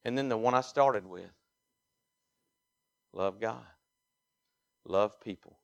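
A pastor from Mississippi with a Southern accent, preaching a sermon and swinging from quiet asides to loud, emphatic exhortation. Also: male voice, lowish voice, slow pace, vocal fry, dull audio. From Mississippi, USA.

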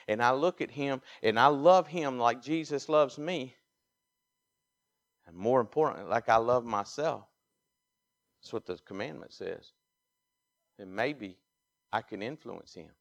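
A pastor from Mississippi with a Southern accent, preaching a sermon and swinging from quiet asides to loud, emphatic exhortation. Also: male voice, medium pitch. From Mississippi, USA.

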